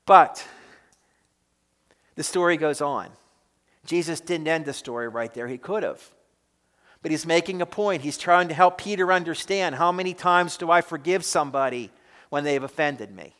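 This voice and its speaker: A male pastor preaching a sermon with emphatic delivery, swinging between loud stresses and quiet drops, recorded with an echoey hall reverb. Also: fairly high pitch, normal speed, pauses often.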